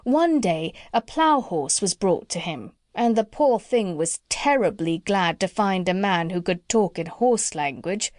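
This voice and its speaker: Expressive woman reading a storybook. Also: medium pitch, measured pace, few pauses, dry recording, clean studio sound. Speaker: audiobook narrator. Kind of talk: storybook narration.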